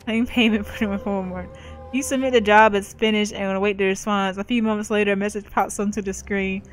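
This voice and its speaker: A woman's voice: medium pitch, fairly even intonation, brisk, faint music behind. A woman gamer casually commenting and reading game text aloud, chatty and self-mocking. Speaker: let's play gamer.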